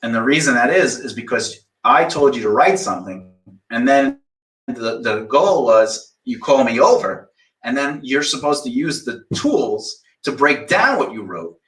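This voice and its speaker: A man's voice: medium pitch, sing-song, measured pace, a bit bright, far from the mic. A man insistently lecturing a younger colleague in a heated casual argument. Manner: insistent, lecturing, mimics others. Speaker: mentor. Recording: echoey room, off-mic.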